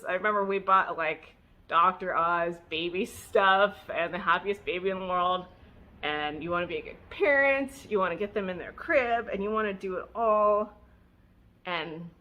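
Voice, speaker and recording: A woman vlogger telling her own story casually, candid and emotional, with fillers and self-mocking laughs. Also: medium pitch. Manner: animated, acting out her own past words.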